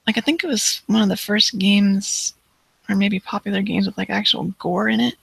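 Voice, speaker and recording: A co-host in casual talk, speaking hesitantly with many fillers and dropping to a hush when awed. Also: mid-range voice, steady tone, moderate pace, gravelly, husky, no room sound, rough recording. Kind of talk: casual live-show chat.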